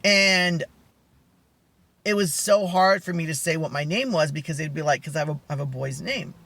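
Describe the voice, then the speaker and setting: A man with a soft, feminine-sounding voice telling a rambling story in a casual vlog chat. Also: on the high side, normal speed, creaky. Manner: rambling, animated storytelling with many asides. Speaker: vlogger.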